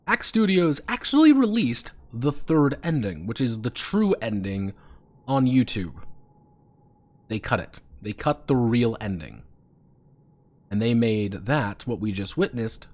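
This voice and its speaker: A man's voice: medium pitch, sing-song, takes it slowly. A man streaming a video game, commenting sarcastically and swearing as he rambles through the playthrough. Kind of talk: live gameplay commentary.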